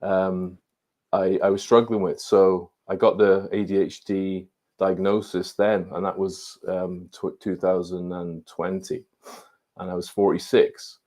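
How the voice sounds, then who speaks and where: Low, flat-voiced man in his fifties. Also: unhurried. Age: 50s. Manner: candid, reflective personal account. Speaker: ADHD coach, podcast guest. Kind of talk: interview conversation.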